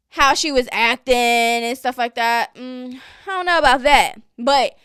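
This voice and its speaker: A woman recaps a reality show in a casual, outspoken way, calling out the cast as if talking to them. Her voice sits high and sounds bright and crisp. The recording is dry and close, with no room sound. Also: no echo. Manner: sassy, blunt, scolds the cast directly. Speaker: reality TV commentary host.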